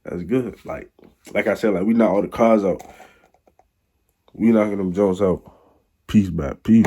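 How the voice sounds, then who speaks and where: A man's voice: deep voice, a little slow, long pauses, heavy background noise. A young man telling a rambling, slang-filled story in a casual storytime vlog. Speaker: vlogger.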